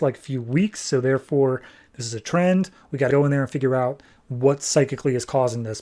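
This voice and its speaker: Animated man recapping comics. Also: fairly high pitch. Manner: animated, nitpicky, quotes characters in quick voices. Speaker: podcast host. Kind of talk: casual comic book recap.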